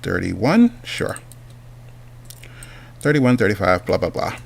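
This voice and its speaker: A man's voice: low-pitched, big pitch swings, takes it slowly, creaky. A man hosting a livestream, chatting casually as he works and then interviewing a guest, rambling and talking to himself. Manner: rambling, chatty, talks to himself while working. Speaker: host.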